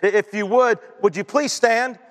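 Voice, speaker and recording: Speaking at a normal pace in a high, slightly bright voice, a man preaches in a church sanctuary with a spacious, big-room sound. His sermon mixes scripture with chatty tangents and closes with him leading a prayer.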